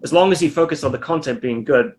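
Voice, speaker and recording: A man's voice: on the high side, fast talker, faint music behind. A man talking as an interview guest in a loose, rambling way, full of fillers and the odd swear word. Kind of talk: casual interview chat.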